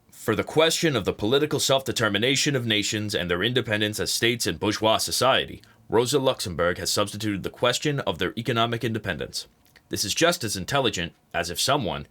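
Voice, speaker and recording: A man reading a political text aloud as an audiobook, saying the quote marks and parentheses out loud. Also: on the low side. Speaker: audiobook reader. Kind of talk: read-aloud nonfiction narration.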